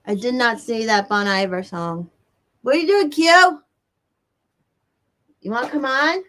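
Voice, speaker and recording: Her voice on the high side and her pace a little slow, a woman streams casually from indoors beside a bright window. She reads viewers' comments and rants excitably, cursing a lot and laughing nervously.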